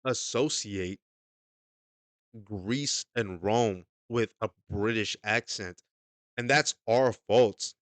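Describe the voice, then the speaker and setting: Guy ranting about a movie, low-ish voice, dry sound, keeps saying okay and cussing. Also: very slow, dry recording. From United States. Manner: emphatic, repeats himself, says "okay?" often, swears casually. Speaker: movie reviewer. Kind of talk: casual opinionated review.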